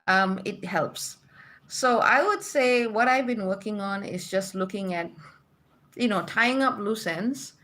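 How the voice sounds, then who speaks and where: A woman's voice: medium pitch, unhurried, a bit bright. A woman from Malaysia hosts a spiritual livestream, chatting casually with her viewers. She reads out their comments and greets each one. Her voice sits in a middle register, and she laughs easily between thoughts.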